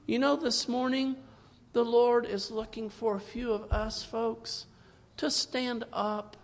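Male preacher, high-pitched, fervent sermon delivery with old-fashioned scripture reading, long hall reverb. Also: steady tone, takes it slowly. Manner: fervent, swings from loud emphasis to hushed asides.

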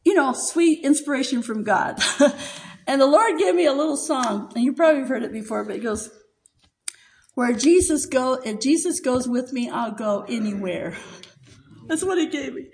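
An older woman preaches with a notably high voice, telling a personal testimony with feeling. She laughs often as she speaks and turns tearful in places, in an earnest church-sermon manner. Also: animated, normal speed, low-quality recording. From United States.

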